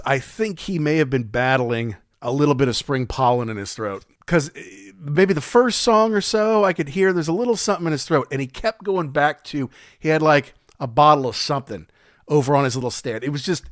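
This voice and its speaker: A man's voice: fairly high pitch, animated, a little fast, no room sound, studio quality. A man hosting a podcast, chatting casually and rambling through his retelling with many fillers. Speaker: podcast host. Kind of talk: casual chat.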